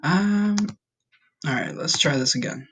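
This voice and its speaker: Man, spanish teacher, recorded online lesson, patient slow drills, cheerful asides. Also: a little high, expressive, a little hiss or hum.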